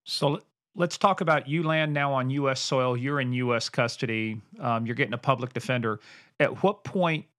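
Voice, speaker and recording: A man hosts a podcast interview in a middle-pitched, even voice. He asks direct questions and nudges his guest to explain things for the audience. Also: normal speed. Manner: direct, steers the guest with prompts. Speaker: podcast host.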